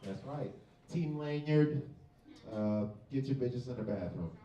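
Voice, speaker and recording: A man's voice: medium pitch, expressive, measured pace, mellow, muffled recording. A man working as emcee at a live comedy show, brashly hyping the crowd and trading jokes. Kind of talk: hype emcee introductions. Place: comedy club stage. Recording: echoey club from a distant mic, faint noise.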